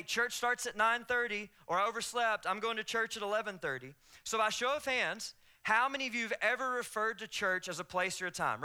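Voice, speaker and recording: Man, Southern accent, pastor, sermon, high voice, very bright, smooth, joking with the congregation. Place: church sanctuary.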